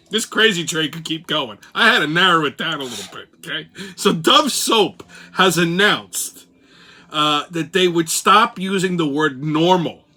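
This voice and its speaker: Brash Brooklyn conductor-host, mocking and profane, bright and a bit high, as a man puts it on. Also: full character voice. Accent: put-on Brooklyn. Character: loud Brooklyn male train conductor-host.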